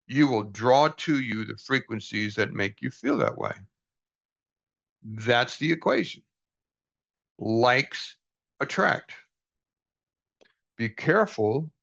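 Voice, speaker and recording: A man's voice: mid-range voice, vocal fry, a bit bright. An older man reading from a book aloud and reflecting on it in an earnest, folksy, self-deprecating way, on a dull lo-fi recording. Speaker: book study host.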